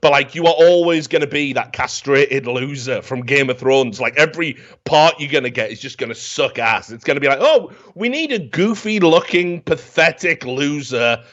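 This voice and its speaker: A man's voice: mid-range voice, a little fast, few pauses, a bit bright. A man, hosting a talk show and ranting comically about a film in a profane, rambling, mocking way. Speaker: podcast host. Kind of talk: comedic film rant. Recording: dull lo-fi sound.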